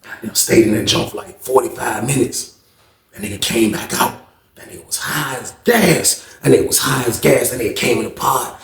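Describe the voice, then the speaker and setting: A man telling a casual storytime, slangy and animated, acting out the people in it with a gravelly voice. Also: mid-range voice, moderate pace, roomy sound.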